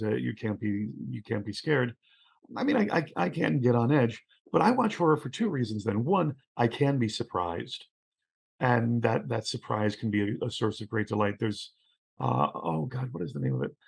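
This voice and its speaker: A man talking casually as a podcast guest, an animated storyteller who acts out the quotes he tells. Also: medium pitch, moderate pace, gravelly, breathy edge. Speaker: guest, theatre professor. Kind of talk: casual conversation.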